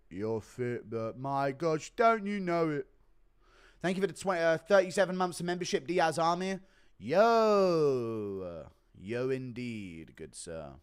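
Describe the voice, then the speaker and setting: A man's voice: a little high, animated, slow, clear, resonant tone. A young man hosting a live stream, reading donations and joking crudely between laughs. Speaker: streamer host.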